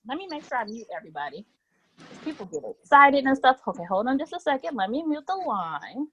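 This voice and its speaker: On a conference call picked up by a laptop or phone, a woman with a high, sing-song, slightly bright voice talks briskly; the sound is lo-fi with slight background noise. Cheerful and chatty, she gives travel agents an informal training presentation, frequently adding "okay?".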